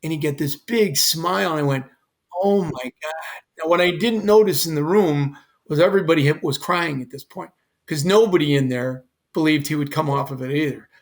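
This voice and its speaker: An older man who used to be a fire chief shares an emotional personal story in earnest detail as a podcast guest, quoting others in his own voice. He talks briskly, his voice sitting on the high side.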